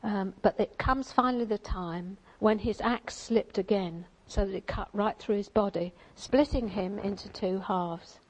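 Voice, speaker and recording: A woman's voice: medium pitch, a little slow, few pauses, poor audio. Chatty woman giving a sermon. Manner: chatty and warm with frequent ums and asides. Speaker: church speaker. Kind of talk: informal sermon with a read-aloud passage.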